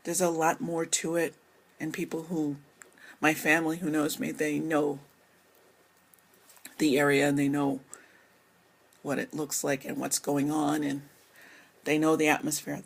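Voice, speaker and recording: Husky, gravelly woman talking casually. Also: lowish voice. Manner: rambling, apologetic, talks with her hands. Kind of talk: casual vlog monologue.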